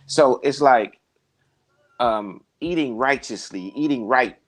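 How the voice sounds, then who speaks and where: A man's voice: medium pitch, takes it slowly. A man talking casually, preaching and telling stories, and acting out the people he quotes. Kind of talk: casual conversation, storytelling.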